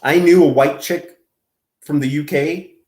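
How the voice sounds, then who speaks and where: A man with a slightly higher voice chats loosely through his commentary, wandering off into stories and laughing at himself. The room around him rings with echo. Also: fairly even intonation, a little slow, darkish tone. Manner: rambling, self-deprecating, laughs often. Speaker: commentary channel host. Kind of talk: casual reaction commentary.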